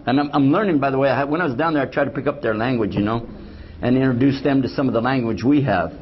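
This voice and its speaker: An older man lectures a live audience in a loose, joking storyteller's manner and slips into the voices of the people in his stories. His pitch sits in the middle of the male range. The recording is dull and lo-fi, with a faint hiss underneath. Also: fast talker. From United States. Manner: joking, storytelling, acts out quoted dialogue. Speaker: Islamic lecturer.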